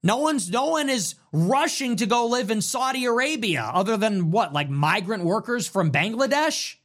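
A man's voice: sits high, lively intonation, normal speed, fairly bright tone. A man hosting his own show, delivering a heated, profane and mocking commentary rant. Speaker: show host.

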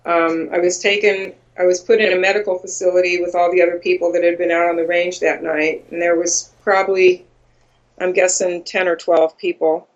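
An interview guest giving a first-person account in a halting way, with many ums and uhs. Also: medium pitch, little pitch movement. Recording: dull lo-fi audio.

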